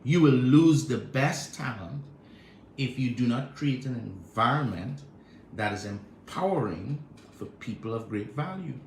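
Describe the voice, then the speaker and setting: A man's voice: medium pitch, lively intonation, a little slow, a little mellow, slight background noise. A man preaching a sermon as pastor, building with repeated rhetorical questions and calling on the congregation to respond. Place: church sanctuary. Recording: echoey church room.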